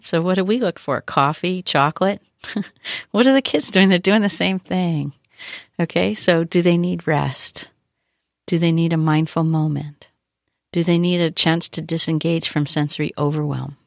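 A woman talks earnestly to parents about children's behavior, coaching them through one idea after another with rhetorical questions. Her voice sits a little low for a woman. The sound is dry, with no room echo. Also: a little mellow. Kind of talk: advice talk to parents.

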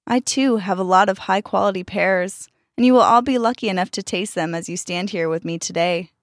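A woman's voice: medium pitch, brisk, no room sound, studio quality, close to an everyday voice. A woman voicing a humble, hungry old male monk who pleads politely.

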